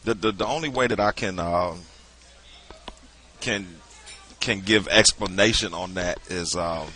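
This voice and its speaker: A middle-aged man talks as a podcast guest, a musician recounting his gigs. His voice sits slightly low, yet the tone is bright and forward. He tells his stories loosely and fills them with "you know.". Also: measured pace. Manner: relaxed storyteller, many "you know" fillers. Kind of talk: casual interview chat.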